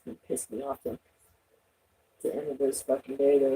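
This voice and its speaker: A woman vlogging in a rambling, profane monologue, swinging from loud outbursts to trailing off. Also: very deep voice, sing-song, normal speed, creaky, a little hiss or hum, poor audio. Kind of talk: rambling personal talk to camera.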